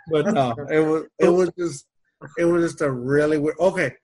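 A man telling a story in casual chat, animated and acting out the people he quotes. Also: on the high side, a little slow. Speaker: storyteller in a conversation.

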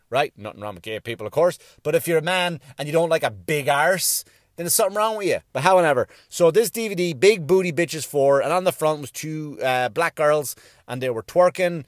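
A man's voice: a little high, lively intonation, fairly quick, no room sound, clean studio sound. A middle-aged Irish man doing a stand-up routine, rambling, profane and self-mocking, with many restarts. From Ireland. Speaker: stand-up comedian.

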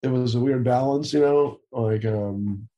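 A man's voice: medium pitch, a little slow, mellow, dull audio. A young man answering interview questions over a video call in casual chat, rambling, laughing often and swearing casually. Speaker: interview guest.

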